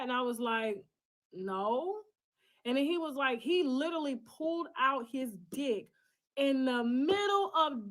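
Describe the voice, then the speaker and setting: A woman's voice: sits high, a bit bright. A woman telling a personal story in a casual monologue. She talks bluntly, swears freely and acts out other people's lines as she goes. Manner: blunt, profane and emphatic.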